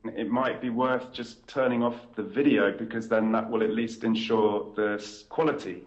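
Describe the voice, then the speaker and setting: A man's voice: lowish voice, level tone, normal speed. A man joining remotely by video call, speaking politely and hesitantly, repeating words as he starts. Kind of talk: conversation over a video call. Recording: muffled video-call audio.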